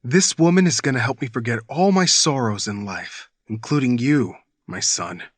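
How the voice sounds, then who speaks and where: A man voicing a stern middle-aged father who shouts and scolds his son in an animated storytime video. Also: medium pitch, moderate pace, no room sound, voice pushed down, lightly acted. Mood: gloating.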